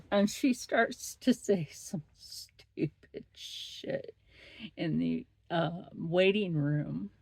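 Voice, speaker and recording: A middle-aged woman talks slowly in a chatty, blunt vlog. Her voice is gravelly with fry, and the sound is close and dry. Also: on the low side, sing-song, darkish tone, dry recording. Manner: chatty, blunt, swears freely. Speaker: vlog host. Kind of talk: casual chat.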